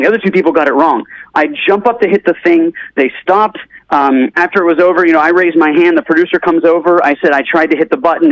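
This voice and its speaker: Fast-talking man telling a story. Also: a little high, dull audio. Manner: animated storyteller acting out quoted people. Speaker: guest. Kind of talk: casual storytelling.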